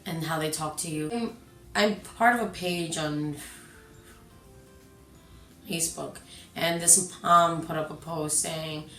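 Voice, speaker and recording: A woman's voice: low-pitched, slow pace, pauses often. A woman who stutters, chatting casually and with emphasis as a co-host. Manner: stutters, restarts words; animated, emphatic. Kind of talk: casual chat. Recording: echoey room with faint music.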